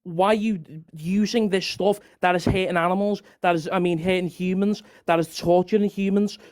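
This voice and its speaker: High-pitched man, heated debater who rambles and keeps repeating his point. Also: fairly even intonation, normal speed, darkish tone. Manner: argumentative, rambling, repeats himself.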